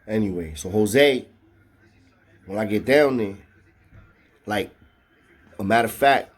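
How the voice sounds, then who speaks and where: A man's voice: fairly low pitch, slow, breathy edge. A man tells a story in a casual, slangy and profane way. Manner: slangy and profane, with frequent "know what I mean".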